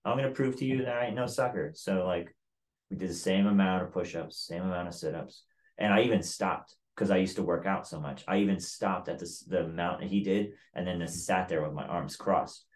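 A man's voice: deep voice, steady tone, normal speed. A man telling a story in casual chat, blunt and profane, with lots of "like" in his talk.

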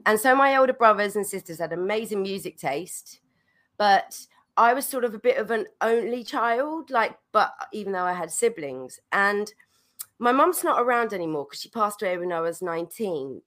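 A woman's voice: medium pitch, a bit bright. Woman guest getting over a cold, chatty storyteller who laughs a lot. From London, England. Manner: chatty, laughs often, many restarts. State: recovering from a cold. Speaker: podcast guest, musician. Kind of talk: casual storytelling.

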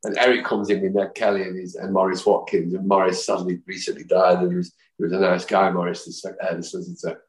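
A deep-voiced man in his fifties from Manchester, England, appears as a podcast guest and football fan, telling rambling anecdotes and slipping into the voices of the people in them. His tone is level, his pace quick with hardly any pauses, and the room gives a noticeable echo.

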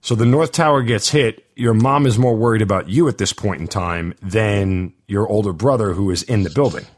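A man with a fairly low voice conducts an interview. He asks plain, direct questions that lead the guest through events. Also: normal speed.

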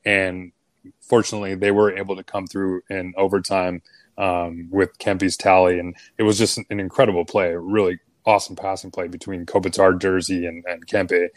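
A man co-hosting a sports podcast, giving a relaxed, rambling breakdown of a game. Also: low voice, normal speed, no echo. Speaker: co-host, analytics. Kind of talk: casual sports podcast chat.

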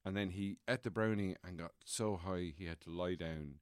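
A man's voice: deep voice, normal speed, clear, resonant tone, no echo, studio quality. Laughing man rambling through an anecdote. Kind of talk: casual podcast chat.

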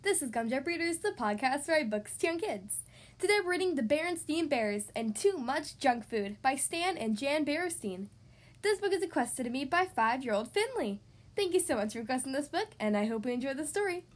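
A woman hosting a children's podcast, reading a picture book aloud in an expressive, animated way. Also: high-pitched, brisk.

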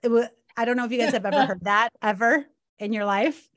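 A woman podcast co-host in casual chat, telling a story in an animated way and laughing often. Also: a little high, fast, no echo, studio quality. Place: Los Angeles area.

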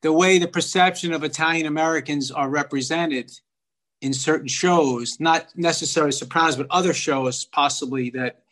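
A man's voice: a little high, moderate pace, a bit bright. A man from the Bronx, a guest on a podcast, talking bluntly and with strong opinions. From the Bronx, New York. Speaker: guest, actor and filmmaker. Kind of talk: casual podcast chat.

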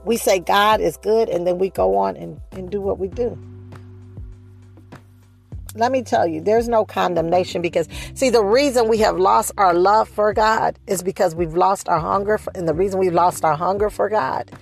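A woman preaching a sermon, speeding up and slowing down, stressing and repeating her phrases. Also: medium pitch, vocal fry, soft background music. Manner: preaching with shifting pace, rising emphasis and repeated phrases.

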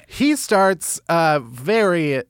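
A man hosting a comedy podcast, telling a story in an animated, wry way and laughing as he goes. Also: fairly high pitch, extremely slow, clean tone, no echo, clean studio sound. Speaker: podcast host.

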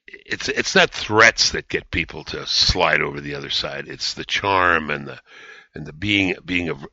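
Very deep-voiced male podcast host. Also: creaky, sharp tone, dry recording. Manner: rambling, emphatic, with many restarts. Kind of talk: conversational political commentary. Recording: dry, slightly dull studio sound.

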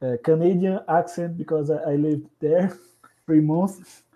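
Slow, halting Brazilian man. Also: a little high, fairly even intonation, dark tone, low-quality recording. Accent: Brazilian Portuguese. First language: Portuguese. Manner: halting, restarts often, searching for words. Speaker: guest. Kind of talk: casual interview conversation.

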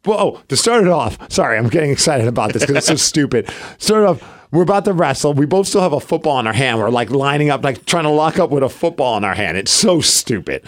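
Excitable man telling a lively story. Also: a little high, fast. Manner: excited, animated storytelling with acted-out quotes. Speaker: podcast co-host. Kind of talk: casual podcast chat.

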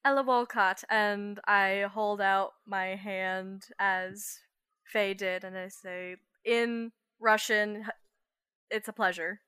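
A woman playing a tabletop game, relaxed and playful. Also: mid-range voice, slow pace, clear, resonant tone, no echo, studio quality. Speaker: player.

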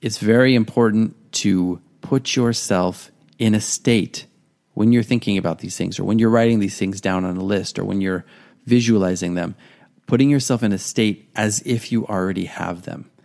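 A man's voice: fairly low pitch, normal speed, creaky, a little mellow. A man hosting a podcast, talking earnestly in a casual monologue and sometimes acting out inner voices. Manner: earnest, conversational, acts out quoted inner voices. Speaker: podcast host, artist.

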